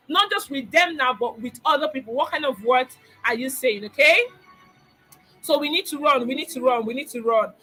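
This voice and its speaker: A middle-aged parenting coach teaches a webinar emphatically, repeating key phrases and posing rhetorical questions. Her voice is high, bright, and forceful at a moderate pace, and the low-quality recording has faint music behind it.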